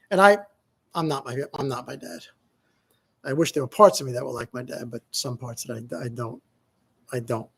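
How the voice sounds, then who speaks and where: A man's voice: fairly high pitch, vocal fry, darkish tone, husky. A middle-aged man telling casual stories to the camera, rambling and restarting often. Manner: rambling, halting with many restarts. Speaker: vlogger. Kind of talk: casual storytelling monologue.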